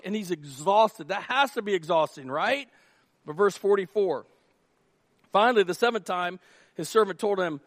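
A male pastor preaching with animated storytelling, throwing rhetorical questions at his listeners. His voice is high, and the recording is dry and close with no room echo. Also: unhurried. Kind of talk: sermon.

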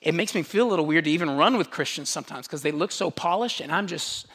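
A pastor preaching a sermon in an animated, conversational way, with emphatic rhetorical questions and quick asides. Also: breathy edge, big-room sound. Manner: animated, conversational preaching with wide swings in pitch and loudness.

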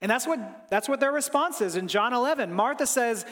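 High-voiced man preaching in a reverberant hall. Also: expressive, a little fast, few pauses. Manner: earnest, voice drops soft on reflective lines and rises on pleading quotes. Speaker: pastor. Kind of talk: sermon.

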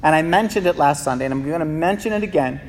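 A man's voice: fairly high pitch, quick pace. A male pastor giving an impassioned sermon in a church, often repeating words as he builds a point. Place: church sanctuary. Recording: reverberant hall.

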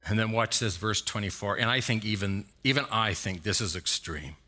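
A male pastor preaching a sermon, retelling a scripture story with dramatic emphasis and sudden loud exhortations. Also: on the low side, normal speed.

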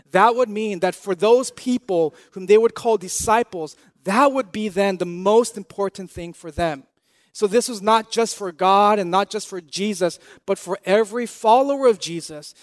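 A man in his thirties delivers a sermon with a notably high, light voice for a man. He talks in an earnest, conversational way, circling back to repeated phrases and posing questions to his listeners. The sound is dry and close, with no room echo. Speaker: pastor.

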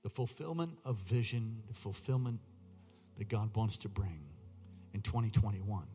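A male pastor preaching a sermon, exhorting the congregation and rising to loud, urgent peaks. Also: lowish voice, a little slow. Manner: exhorting, repeats lines, rises to near-shouted peaks. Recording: long hall reverb, faint music behind.

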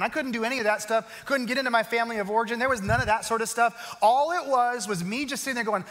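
A man delivering a sermon with a high-pitched voice that carries a long hall reverb. He shifts from quick, raised storytelling to slow, quiet stretches that drop almost to a hush, leaning on repetition for weight. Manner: swings from loud, quick storytelling to slow, hushed emphasis. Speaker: pastor.

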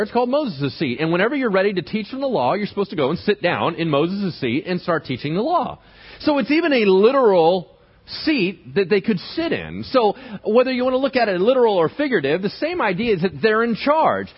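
Animated high-voiced preacher. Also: male voice, fairly quick, slightly rough, muffled recording. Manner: animated, asks the congregation questions. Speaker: pastor. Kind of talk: sermon.

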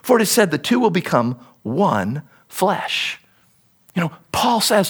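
A middle-aged man preaching a sermon in an animated, conversational way, acting out quotes as he explains a text. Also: high-pitched, unhurried, husky. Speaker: pastor.

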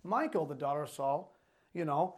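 A male pastor with a notably high voice for a man delivers a sermon. He reads scripture passages aloud, then breaks into loose, lively explanation, full of asides to his congregation. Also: moderate pace.

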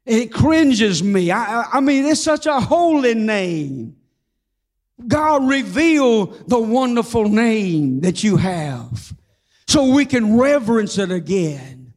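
An older man preaching a sermon, giving his own testimony in a fervent, folksy storytelling manner, slowing down to stress key phrases. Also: high voice, big pitch swings, darkish tone.

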